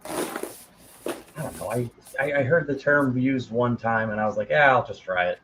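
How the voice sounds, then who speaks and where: A man co-hosting a casual chat, laid-back and quick to laugh. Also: mid-range voice, expressive, a bit bright, a little hiss or hum. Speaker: co-host.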